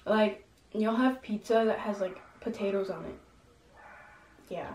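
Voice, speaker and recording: A woman's voice: medium pitch, a little slow, darkish tone. A young woman from New York chatting casually while eating, full of ums and likes, her voice a little shaky from hunger. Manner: chatty, many fillers like "um" and "like". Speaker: mukbang vlogger. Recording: echoey room with faint noise.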